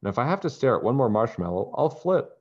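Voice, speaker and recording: A man's voice: medium pitch, very animated, fast talker, voice pushed up. A man voicing a melodramatic young schoolgirl who plays a fortune teller and complains a lot, on a dull lo-fi recording. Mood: dramatic.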